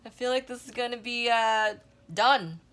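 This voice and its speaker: A woman's voice: fairly high pitch, normal speed, fairly bright tone. A woman giving a channeled tarot reading to her viewers, rambling and emotional, often stopping to check in with them. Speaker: tarot reader.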